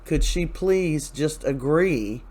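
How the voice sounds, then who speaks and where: A man's voice: on the high side, animated, takes it slowly, a little mellow. A man hosting a casual soap opera recap, chatty and opinionated, retelling scenes with loose asides.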